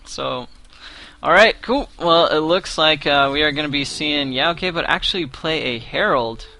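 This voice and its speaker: A man casting a competitive video game match live. His voice sits higher than most and sounds very bright and forceful. He rambles along with casual fillers as he calls the action. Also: normal speed, creaky. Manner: rambling with many "you know" fillers. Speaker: esports play-by-play commentator.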